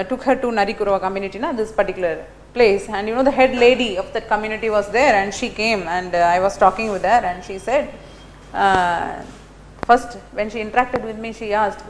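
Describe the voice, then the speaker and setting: A woman's voice: medium pitch, brisk, a little hiss or hum. A middle-aged woman giving a classroom lecture, telling stories animatedly with many fillers and tag questions. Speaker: teacher.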